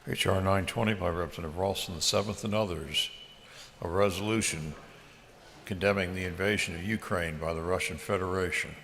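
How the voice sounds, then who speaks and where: A man serving as a clerk, reading a resolution's caption in a brisk, monotone procedural way. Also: sits low, vocal fry, slight background noise. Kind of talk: rapid formal reading. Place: large legislative chamber.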